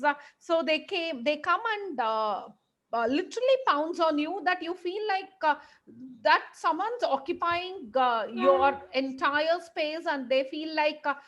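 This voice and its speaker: A woman with a high voice gives a classroom lecture. She explains at length, fills pauses with "uh" and "you know," and acts out the examples she describes. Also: a bit bright.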